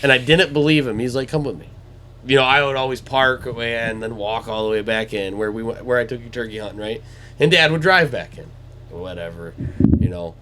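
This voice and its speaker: A man's voice: a little fast, bright, forceful tone, a little hiss or hum. A man hosting a casual podcast chat, telling hunting stories with a loose, storytelling manner. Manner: storytelling, mimics high sweet voices talking to deer. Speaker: podcast host.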